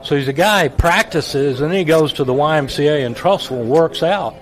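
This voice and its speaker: Folksy retired announcer reminiscing. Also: male voice, on the high side. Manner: folksy, halting storyteller with repeated words. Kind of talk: reminiscing guest on a talk show.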